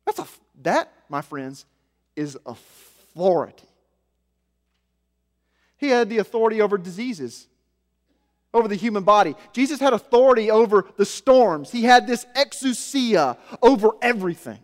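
A man preaching a sermon, with animated delivery that swings between loud emphasis and soft, low asides. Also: normal speed. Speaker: pastor. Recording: long hall reverb.

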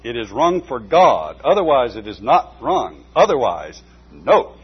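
A man voicing a small, sturdy older woman custodian with a piping voice, who speaks slowly, firmly and plainly. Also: medium pitch, sing-song, husky, exaggerated voice. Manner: slow, firm, plainspoken. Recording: dull lo-fi recording with faint hum.

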